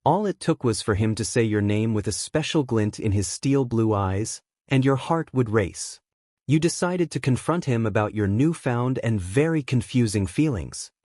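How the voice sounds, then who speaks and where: A man narrating a story in scripted fashion with a steady, even reading manner. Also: medium pitch, normal speed, no echo, clean studio sound. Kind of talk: scripted narration of reader-insert fan fiction.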